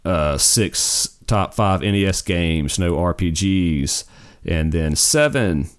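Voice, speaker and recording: Deep-voiced man hosting a podcast. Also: animated, slow pace, clean tone. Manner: rambling, self-correcting storyteller. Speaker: podcast host. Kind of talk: casual podcast chat.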